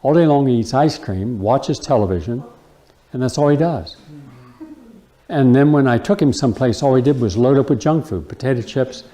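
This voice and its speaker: A man's voice: medium pitch, normal speed, dark tone. A man hosting a lecture before a live audience, speaking emphatically and mixing rhetorical questions with personal stories. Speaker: host and health lecturer.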